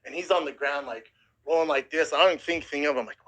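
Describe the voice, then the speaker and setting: A man's voice: a little high, racing, rough recording. A man in his thirties telling a harrowing story in casual, profane podcast chat, close to tears at times. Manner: profane, animated retelling with acted quotes. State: emotional, near tears. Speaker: podcast host.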